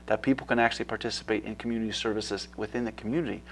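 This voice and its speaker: A man's voice: lowish voice, fairly even intonation, rapid-fire, gravelly, fairly bright tone, slight background noise. A man talking as a guest in a casual interview, eager and rambling with many fillers.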